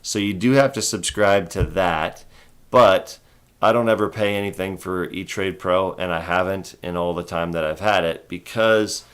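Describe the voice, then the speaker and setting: A man hosting a stock trading livestream in casual chat. He speaks calmly and rambles, with little inflection. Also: moderate pace, smooth. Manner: calm, low-key, rambling delivery with little inflection.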